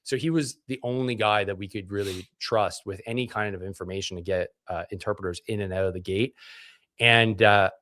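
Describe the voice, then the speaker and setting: A man's voice: fairly low pitch, fairly even intonation, brisk, pushed and bright, no room sound, clean studio sound. A man from Canada, a military veteran being interviewed, telling his story bluntly with swearing and acted-out dialogue. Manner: blunt and profane, acts out dialogue.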